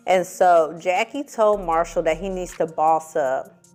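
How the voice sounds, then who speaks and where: With a fairly low, unhurried voice and faint music behind her, a woman recaps a reality show. As a film and TV reviewer, she's sassy and profane, an animated storyteller with plenty of attitude.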